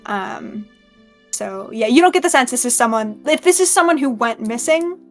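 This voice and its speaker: A woman's voice: on the high side, animated, normal speed, faint music behind. A woman narrating a tabletop game as game master, rambling with many fillers.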